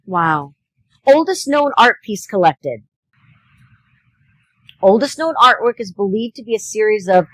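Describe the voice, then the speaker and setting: A woman's voice: medium pitch, dry recording, rough recording. A woman co-hosting a live local show at an outdoor street fair, chatting casually and laughing often.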